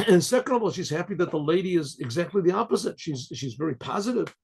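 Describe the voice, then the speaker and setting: Gravelly rabbi telling a story. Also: male voice, high voice, lively intonation, fast talker, darkish tone. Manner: frequent throat clearing, restarts.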